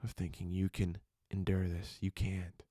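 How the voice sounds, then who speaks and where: A man preaching a quiet devotional sermon, speaking slowly and deliberately and often sinking into a whisper. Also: deep voice, monotone, no room sound, studio quality.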